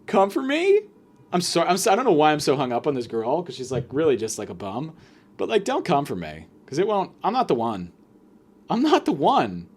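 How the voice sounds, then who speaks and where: A man hosting a podcast, delivering a profane, sarcastic comedic rant that swings between loud outbursts and mutters. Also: fairly high pitch. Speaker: podcast host.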